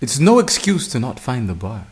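A man's voice: mid-range voice, very animated, normal speed. A man co-hosting a podcast in casual chat, teasing and joking. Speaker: podcast co-host.

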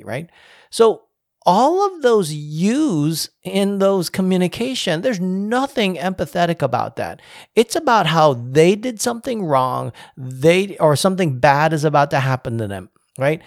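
A man giving casual spoken commentary on leadership, emphatic and climbing higher in pitch as he presses a point. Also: big pitch swings, measured pace, no room sound, studio quality. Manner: emphatic, rises in pitch when making a point.

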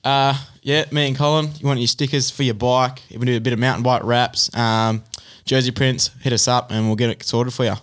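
Man, mid pitch, casual quick plug. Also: little pitch movement, fairly bright tone.

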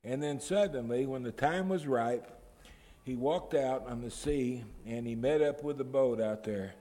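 A man's voice: mid-range voice, unhurried, warm tone. A man preaching a sermon, retelling the story and building to emphatic outbursts. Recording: long reverb of a large hall.

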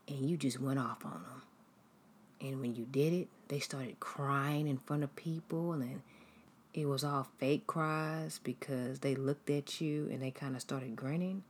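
A woman giving a devotional teaching, telling everyday stories in a conversational, animated way. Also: very deep voice, unhurried, a little hiss or hum. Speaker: devotional speaker.

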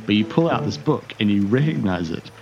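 A man's voice: fairly low pitch, lively intonation, fairly quick, gravelly, lo-fi sound, over music. A man narrating as game master of a tabletop role-playing game, rambling with fillers and restarts.

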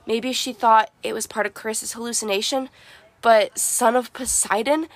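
A woman's voice: fairly high pitch, fairly even intonation, moderate pace, dry recording. Woman narrating a storybook, dry and close. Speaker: audiobook narrator. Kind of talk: first-person storybook narration.

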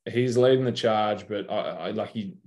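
A man's voice: lowish voice, normal speed, a little mellow. A young Australian man telling stories in a casual interview, laid-back and slangy with plenty of swearing. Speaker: guest basketball player.

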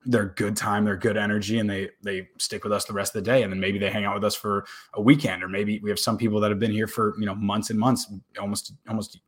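A man's voice: fairly low pitch, level tone, fast, hardly any pauses. A young man vlogging to camera in a casual, rambling way, often repeating words and swearing now and then.

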